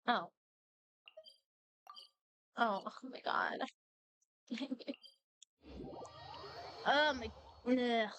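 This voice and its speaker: High-voiced young woman streamer. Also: drawn-out words, long pauses, fairly bright tone, a little hiss or hum. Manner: reactive, swears, laughs. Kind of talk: casual gaming commentary. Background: faint game music.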